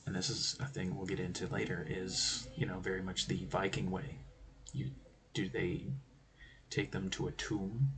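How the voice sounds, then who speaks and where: A man with a low, gravelly voice talks through tabletop game design in a loose, rambling way. He drifts between points, adds joking asides, and keeps the tone of a casual stream host. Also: background noise.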